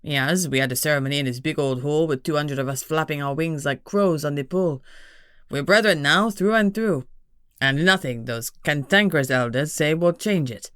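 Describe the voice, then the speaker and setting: A woman's voice: deep voice, normal speed, a bit bright, clean tone, dry recording, clean studio sound. A woman voicing a cheeky, crude male winged gargoyle with a French accent, teasing and drawling. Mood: grim.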